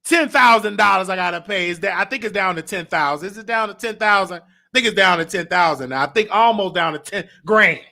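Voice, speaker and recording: A fired-up male talk show host whose very high voice has a gravelly edge. He rants in an animated way, sometimes shouting and sometimes close to tears. His tone is bright and tense. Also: brisk, hardly any pauses. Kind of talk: emotional live talk-show rant.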